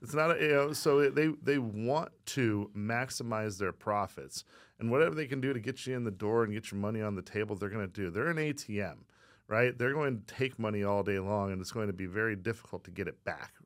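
A man's voice: on the low side, brisk, no room sound, clean studio sound. A man co-hosting a real estate podcast, talking emphatically and often tagging his points with a question. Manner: emphatic, keeps adding "right?". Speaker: real estate agent and co-host. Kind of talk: casual chat.

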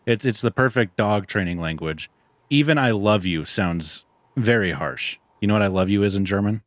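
A young man hosting a podcast in casual chat, relaxed and rambling, often laughing. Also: on the low side, normal speed, dry recording. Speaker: podcast host.

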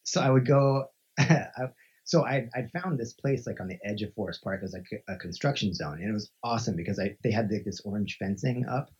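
A man from Montana, a podcast guest, tells a story in a husky, very raspy, low voice. He talks casually with many filler "like"s and acts out the voices he quotes. The recording sounds somewhat dull and lo-fi. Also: fairly quick, a little mellow. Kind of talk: conversational storytelling.

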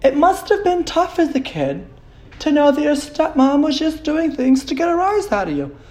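A man playing a gentle, probing therapist. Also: extremely high pitch, very animated, normal speed, echoey room, pitched above the performer's own voice. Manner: soft, leading questions.

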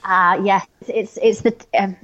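A woman's voice: mid-range voice, steady tone, unhurried, fairly bright tone, muffled recording. A woman from North Yorkshire with a neutral, slightly posh English accent, a podcast guest talking hesitantly with many ums. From North Yorkshire, England. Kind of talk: casual interview chat.

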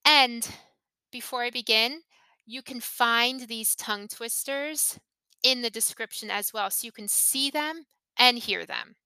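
A woman hosting an English podcast, slowly modeling tongue twisters and intonation for learners to repeat. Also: fairly high pitch, sharp tone, clean tone, no echo. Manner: careful, deliberate modeling of intonation. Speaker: English teacher and podcast host. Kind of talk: slow, clear pronunciation lesson.

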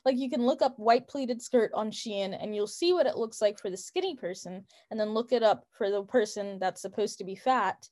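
A woman's voice: mid-range voice, normal speed, few pauses, a little mellow. A young woman co-hosting a podcast, talking in a casual, opinionated and emphatic way with lots of "like" fillers. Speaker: podcast co-host.

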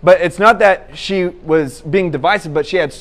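A man's voice: high voice, moderate pace. A young man preaching a conversational sermon, telling a personal story with lots of laughter and restarts. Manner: animated, laughs at his own story, many restarts.

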